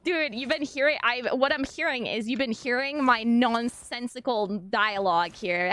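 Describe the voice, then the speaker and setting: A woman streaming as a VTuber, chatting casually and reading her chat aloud, bubbly and excitable, often laughing and close to tears. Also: a little high, moderate pace, few pauses, a little hiss or hum. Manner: emotional, on the verge of tears.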